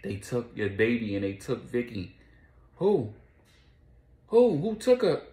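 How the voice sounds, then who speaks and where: A man's voice: on the low side, level tone, moderate pace, lightly acted. A man voicing an alarmed young man demanding answers over the phone, in an echoey room. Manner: urgent, shouting.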